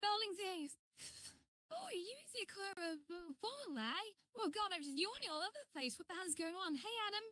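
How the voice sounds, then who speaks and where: A woman's voice: very high-pitched, animated, normal speed, a bit bright, no room sound. A woman chatting on a live stream as she builds, rambling and greeting viewers while she works. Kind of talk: casual live-stream chat.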